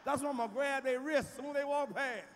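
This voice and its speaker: Loud, profane stand-up comic, high voice. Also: male voice, quick pace. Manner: loud, profane, booming delivery, shouts punchlines. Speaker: stand-up comedian. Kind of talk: stand-up routine. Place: large theater stage. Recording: live stage recording, big hall reverb, faint crowd noise.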